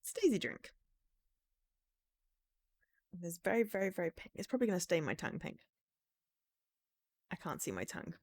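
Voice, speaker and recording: A woman's voice: fairly low pitch, very animated, normal speed, long pauses. A woman casually commenting on a video game as she streams it, playful and chatty. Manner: playful, reads game text aloud. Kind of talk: casual let's-play commentary.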